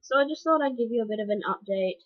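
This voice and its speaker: A woman's voice: fairly high pitch, animated, quick pace, muffled recording. A young woman talking frankly to the camera in a personal vlog update, with fillers and restarts. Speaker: vlogger.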